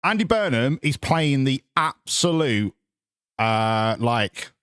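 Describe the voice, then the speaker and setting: A man's voice: mid-range voice, lively intonation, slow pace, fairly bright tone, smooth, no room sound, clean studio sound. Sweary man on a livestream. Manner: sweary, sarcastic, rambling, reads chat aloud. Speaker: streamer. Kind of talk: casual live-stream chat.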